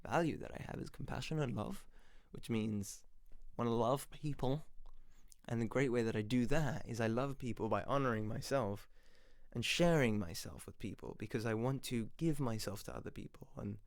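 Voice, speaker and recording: A man hosting a podcast, giving a lively motivational monologue that he argues through in questions and answers. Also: medium pitch, normal speed, creaky, no room sound, clean studio sound. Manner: animated, playful, acts out little voices; talks to himself in questions and answers. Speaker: podcast host.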